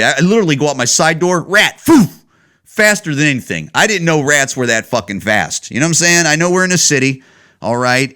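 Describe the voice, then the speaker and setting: A man from Chicago hosting a comedy podcast, ranting in a profane, animated storytelling manner. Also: mid-range voice. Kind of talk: casual comedic rant.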